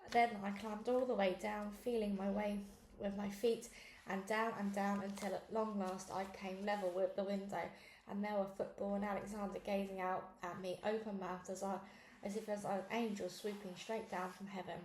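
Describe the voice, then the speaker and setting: A woman reading a children's novel aloud in a lively first-person storytelling way. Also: medium pitch, fairly quick, reverberant, a little hiss or hum. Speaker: reader. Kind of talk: storybook read-along narration.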